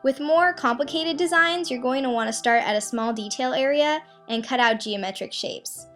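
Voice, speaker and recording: A young woman talks through a craft project step by step in a friendly, casual way, dropping in the odd um. Her voice sits a little high and rings bright and crisp. Soft music plays faintly underneath. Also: moderate pace. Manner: friendly step-by-step explaining with frequent ums. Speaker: craft tutorial host. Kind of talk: casual DIY tutorial narration.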